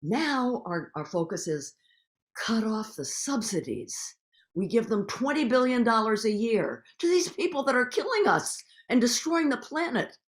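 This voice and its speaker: An older woman, a guest activist in a recorded public conversation, telling stories in an animated, emphatic way. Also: on the high side, measured pace.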